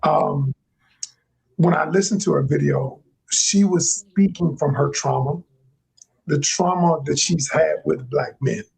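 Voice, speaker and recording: A man speaking as a relationship coach on a live panel, explaining his view in a measured way. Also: a little high, vocal fry, a little mellow, husky, rough recording. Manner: measured, explanatory, quotes others in a raised voice. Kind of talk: panel discussion on a live stream.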